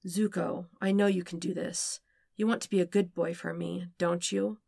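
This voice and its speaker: A woman voicing a soft-spoken, coaxing young man. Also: steady tone, moderate pace, vocal fry, slightly rough, dry recording, studio quality. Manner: soft, low, coaxing murmur. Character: dominant young man, teasing and tender. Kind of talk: podfic reading.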